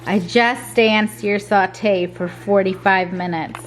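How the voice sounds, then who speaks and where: A woman's voice: mid-range voice, steady tone, slow pace, noisy background. A young woman vlogging casually at home in her kitchen, chatty and rambling, often restarting her sentences. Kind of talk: casual chat to camera.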